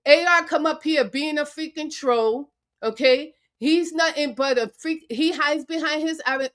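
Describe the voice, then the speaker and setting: A woman with a high voice rants furiously on a live-stream panel. She is confrontational, curses freely and hammers her challenges over and over. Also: unhurried, fairly bright tone. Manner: angry, confrontational, cursing; repeats taunts and challenges. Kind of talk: heated live-stream rant. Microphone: remote call into a live stream.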